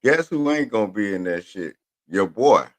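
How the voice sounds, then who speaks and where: A man from Houston, hosting a radio show in a profane, rambling monologue rant. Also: on the low side. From Houston, Texas. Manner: profane, animated, rambling with drawn-out words.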